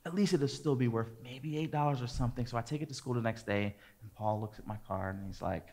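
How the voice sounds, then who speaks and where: A man in his forties, a pastor preaching, telling a lively personal story and acting out what people said. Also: medium pitch, quick pace, creaky, few pauses. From American suburbs. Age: 40s. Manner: lively storyteller, acts out quotes and gets loud at the climax. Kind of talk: sermon with a storytelling anecdote.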